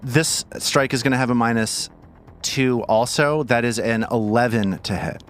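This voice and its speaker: Soft music plays behind a game master running a tabletop game. At a moderate pace and in a mid-range voice, he narrates scenes vividly and playfully, with frequent laughter.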